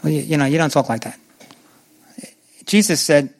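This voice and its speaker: A man preaching a sermon to a congregation, asking them questions and acting out scripture with big swings in his voice. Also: normal speed. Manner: animated, acts out biblical voices with swings in pitch.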